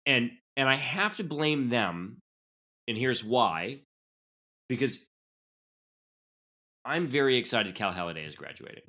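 A man's voice: medium pitch, measured pace, pauses often. A man co-hosting a college sports podcast, reeling off stats in blunt, casual chat. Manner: animated, stat-heavy, blunt. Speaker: podcast co-host.

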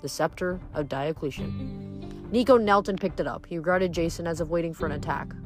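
Brief: woman narrator reading a book, fairly low voice, steady and reflective, soft music under her. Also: a little fast. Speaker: book reader. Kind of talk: reading a novel aloud.

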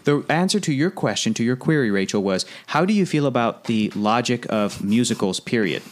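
Podcast co-host, talkative, quick, thinks aloud, casual. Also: mid-range voice, expressive. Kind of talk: casual chat.

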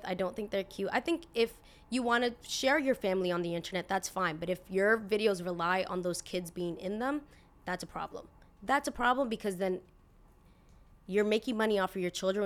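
A woman in her twenties hosting a podcast, talking in a blunt, indignant, casual way, full of "like" and the odd swear word. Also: mid-range voice. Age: 20s. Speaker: podcast host. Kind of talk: casual opinion podcast monologue.

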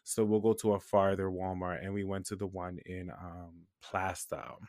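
A man from New Hampshire chatting casually as a podcast co-host, telling an animated, profane story and often laughing. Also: sits low, moderate pace, no echo, studio quality. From New Hampshire, USA. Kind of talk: casual chat.

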